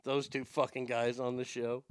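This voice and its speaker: A man, a comedian and impressionist, chatting casually on a podcast in a profane, animated way with stammering restarts, close to the mic. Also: medium pitch, normal speed, clear, resonant tone, dry recording.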